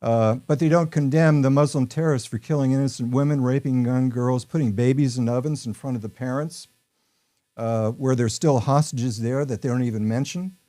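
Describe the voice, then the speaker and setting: A man's voice: mid-range voice, fairly even intonation, moderate pace, warm tone. An American man from New York hosting a podcast, talking in a rambling, opinionated way with many ums and uhs. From New York, USA. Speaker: podcast host. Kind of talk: casual political podcast talk.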